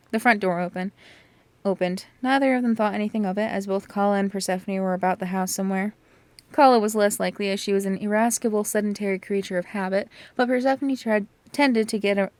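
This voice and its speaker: A woman's voice: mid-range voice, no echo. A woman reading a novel aloud casually, chatty and swearing, often tripping over words and starting again. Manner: chatty, swears, stumbles and restarts. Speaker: podcast host reading aloud. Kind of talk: casual book reading with commentary.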